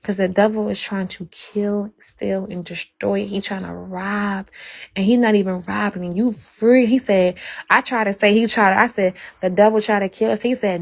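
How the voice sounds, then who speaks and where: Woman livestreamer, preachy faith testimony, rough gravelly texture, fervent and direct. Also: medium pitch, fairly even intonation, normal speed, poor audio. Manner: fervent, repetitive, talks straight to viewers.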